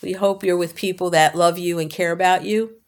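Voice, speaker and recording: A woman's voice: on the low side, steady tone, fairly quick. A woman co-hosting a casual faith-based podcast chat, upbeat and encouraging, laughing easily. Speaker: podcast co-host.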